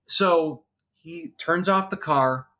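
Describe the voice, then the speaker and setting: A middle-aged former special effects artist tells a wild story in casual conversation, his slightly high voice taking its time. He's animated and swears freely, acting out the voices of people in his anecdotes.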